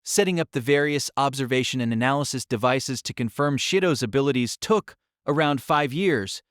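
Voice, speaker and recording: A man narrating a light novel audiobook in an expressive storytelling manner. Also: medium pitch, moderate pace, clean tone, dry recording, studio quality.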